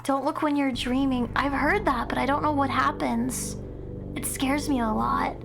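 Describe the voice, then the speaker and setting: A woman streamer chatting casually with her viewers as she reacts to spooky videos, jumpy and excitable, gushing over her chat and swearing when something startles her. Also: sits high, normal speed, gravelly, over music.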